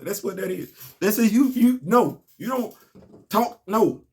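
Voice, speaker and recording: A man's voice: high-pitched, measured pace. A man, casually recapping a comic book and telling stories on his podcast. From Southern US. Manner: animated, storytelling, rising to emphatic outbursts.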